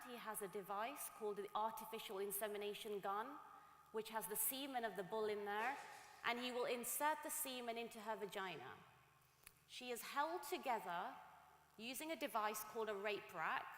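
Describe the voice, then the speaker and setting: A woman's voice: on the high side, fairly bright tone. A woman giving an earnest, emphatic public talk, often repeating words as she builds each point. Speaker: speaker at a talk. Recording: echoey hall with long reverb.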